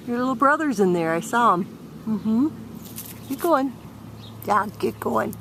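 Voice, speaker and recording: Woman coaxing an animal outdoors, lively pitch. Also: moderate pace, noisy background. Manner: coaxing, playful, talks to the animal like a child. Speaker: person releasing a baby skunk outdoors. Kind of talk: casual talk to an animal. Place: outdoors among weeds. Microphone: handheld pocket camcorder.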